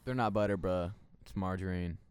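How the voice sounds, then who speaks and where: A man's voice: deep voice, normal speed, darkish tone, clear, resonant tone, no echo, studio quality. A young man co-hosting a casual chat podcast, laid-back and joking. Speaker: co-host.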